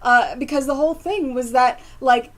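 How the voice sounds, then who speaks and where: A woman's voice: high-pitched, moderate pace. A woman co-hosting a casual chat, chatty with hesitant restarts. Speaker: co-host.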